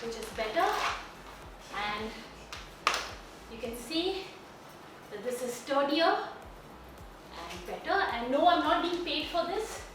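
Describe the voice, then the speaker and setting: A woman's voice: high-pitched, animated, takes it slowly, pauses often, noisy background. A woman with an Indian accent coaching a home workout while exercising herself, out of breath as she talks through each move. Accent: Indian English. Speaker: fitness instructor. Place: room at home. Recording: very echoey room, from far off.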